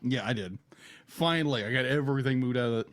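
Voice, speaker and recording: A man's voice: mid-range voice, fast. A young man co-hosting a podcast in casual chat, rambling and repeating himself, laughing often. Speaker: podcast co-host.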